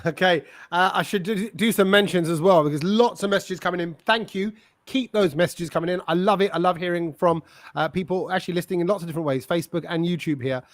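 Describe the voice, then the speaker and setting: Man, host, high-pitched, upbeat, chatty, dry close sound. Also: quick pace, dry recording. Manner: chatty, upbeat, reads out viewer messages. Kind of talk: casual chat, hosting a fan show.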